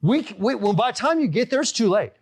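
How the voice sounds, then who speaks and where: High-voiced, emphatic male golf instructor. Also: quick pace, breathy edge. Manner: energetic, emphatic, keeps asking "okay?". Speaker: golf instructor and show host. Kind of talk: live online golf lesson.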